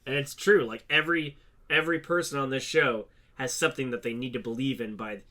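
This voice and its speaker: Man, podcast co-host, casual chat, halting speech, many fillers, mid pitch. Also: steady tone, pushed and bright.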